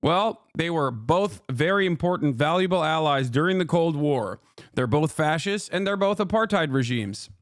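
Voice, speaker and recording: Man, live streamer, rambling emphatic commentary, slightly high voice, dry close mic. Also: animated, normal speed, no room sound. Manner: rambling, emphatic asides to chat. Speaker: streamer reacting to clips.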